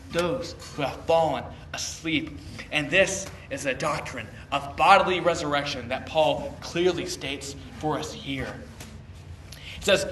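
A man preaching a sermon, swinging from loud, emphatic bursts to hushed, slow lines. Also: high-pitched, slight background noise. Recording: echoey room, voice picked up from a distance.

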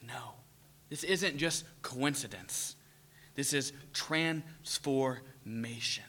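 A man preaching a sermon, animated, asking the audience questions and acting out voices. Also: mid-range voice, extremely slow.

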